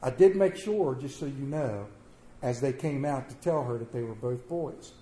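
A middle-aged man telling a personal story to an audience in a folksy, animated way. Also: medium pitch, normal speed. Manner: folksy, animated, with a rural drawl in his wording. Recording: echoey room with faint ambience.

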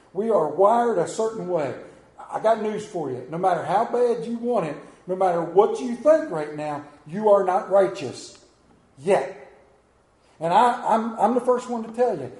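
A man's voice: high voice, darkish tone, roomy sound, low-quality recording. A man preaching a sermon as pastor, telling stories with rising and falling emphasis.

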